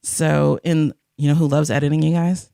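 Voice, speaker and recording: A woman's voice: low voice, flat delivery, normal speed, creaky, dark tone, clear, resonant tone, dry recording, clean studio sound. A young woman hosting a podcast, chatting casually about an episode, rambling and giggling as she acts out quotes. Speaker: podcast host. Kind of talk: casual chat recapping an episode.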